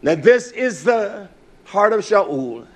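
A man preaching a sermon, emphatic, repeating key words, with frequent "uh" pauses and bursts of raised volume. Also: high-pitched, big pitch swings, slightly rough.

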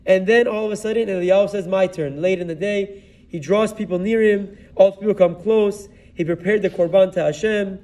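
High-voiced rabbi telling a story. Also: male voice, steady tone, brisk, warm tone, recorded from a distance. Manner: storyteller mixing in Hebrew terms and verses. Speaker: rabbi giving a Torah talk. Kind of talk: retelling a Bible story in a sermon.

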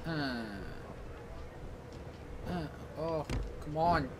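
A man giving live gameplay commentary, yelling excitedly and in frustration at the game as he plays. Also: a little high, drawn-out words, noisy background. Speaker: gaming channel host.

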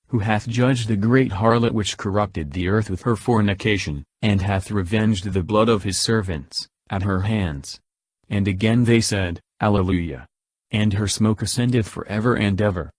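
Male scripture reader, low voice, measured delivery, dry close recording. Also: a little mellow, no room sound. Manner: slow, measured recitation. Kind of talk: scripted Bible reading.

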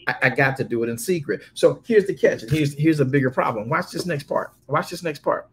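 A man preaching a sermon, reading scripture slowly and calling out to his congregation. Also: fairly high pitch, a little hiss or hum. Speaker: pastor.

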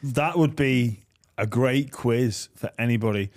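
A man hosts a sports podcast in a relaxed, casual way. He keeps up dry, joking banter. His voice sits at an ordinary middle pitch. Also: a little slow. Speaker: podcast host. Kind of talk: casual chat.

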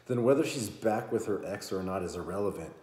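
A man's voice: on the low side, expressive, fairly quick, a little mellow, lightly acted. A man reading the lines of a woman friend who asks firm, prodding questions. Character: woman friend, blunt and urging. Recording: roomy echo.

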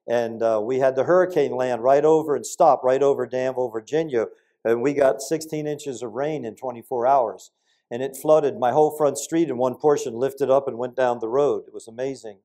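An older man preaching a sermon, telling stories in an animated way with sudden loud peaks and quiet asides. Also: mid-range voice, fairly quick.

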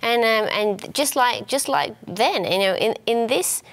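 A woman's voice: a little high, animated, measured pace, a bit bright. A woman co-hosting a ministry program, explaining a Bible passage in an earnest conversational teaching style. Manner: earnest, explanatory, many small restarts. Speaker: minister and co-host.

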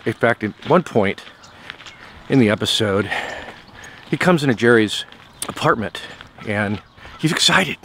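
A man's voice: lowish voice, fairly bright tone, a little hiss or hum. A man casually telling a story in a motivational vlog while out on a walk, often repeating words as he goes. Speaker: vlogger. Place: outdoors on a walk.

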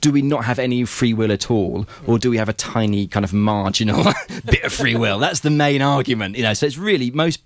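A man, an author telling stories at a bookshop event, animated and laughing often, with many restarts. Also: medium pitch, brisk, few pauses, no room sound.

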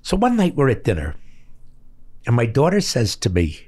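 A man in his sixties telling stories as a guest in casual chat, his voice climbing high when he gets excited. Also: normal speed. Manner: animated storyteller, voice rises high when excited.

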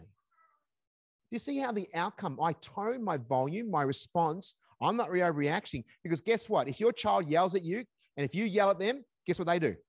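An older man leading a parenting seminar, with a slightly high voice that rises and falls a lot. He talks in a conversational way and slips into calm parent dialogue. The sound is dry and close. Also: moderate pace, no echo. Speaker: seminar speaker.

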